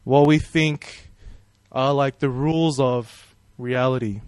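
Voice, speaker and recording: A man's voice: medium pitch, steady tone, slow, a little mellow, clean tone, dry recording. A man preaching a sermon in a friendly, conversational way, praying and asking the congregation questions. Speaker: pastor.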